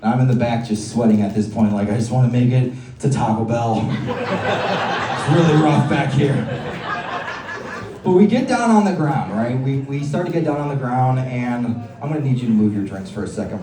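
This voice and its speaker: A man's voice: mid-range voice, animated, brisk, mellow, a little hiss or hum. A man performing a stand-up comedy set, brash and crude, teasing the crowd in a comedy club. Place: comedy club stage with live audience. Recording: roomy club sound from a distant mic. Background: audience laughter.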